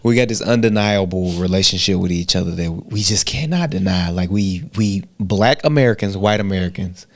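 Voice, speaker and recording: A man co-hosting a podcast in casual chat, a rambling, animated storyteller who swears freely. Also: low voice, moderate pace, hardly any pauses, dry recording. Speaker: podcast co-host.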